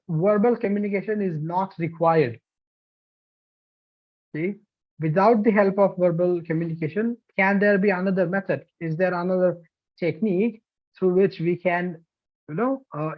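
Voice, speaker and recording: An instructor from India with an Indian English accent, teaching a live online demo lesson and often checking in with "okay?" and "you know". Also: mid-range voice. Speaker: TEFL course instructor. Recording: dull lo-fi online class audio.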